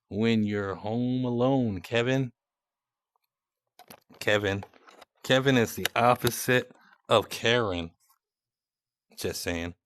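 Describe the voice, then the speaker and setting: A sarcastic young man talks over chat messages in a casual, teasing way. His voice sits a little low and his delivery is slow and drawn out. The sound is dry, with no room echo. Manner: mocking, sarcastic. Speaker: content creator.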